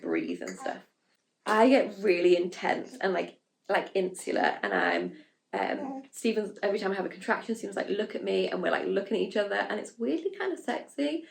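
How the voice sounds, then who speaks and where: A woman's voice: mid-range voice, vocal fry, slight background noise. A young woman vlogger telling her own story frankly and casually, full of fillers and asides, acting out her own panicked quotes. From England. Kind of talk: candid storytelling vlog.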